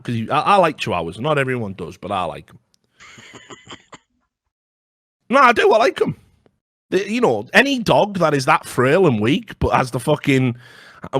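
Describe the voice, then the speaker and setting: A man's voice: fairly bright tone, dry recording, studio quality. Profane rambling man. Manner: rambling, profane storytelling with sudden high-pitched outbursts. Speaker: podcast co-host. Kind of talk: casual comedic chat.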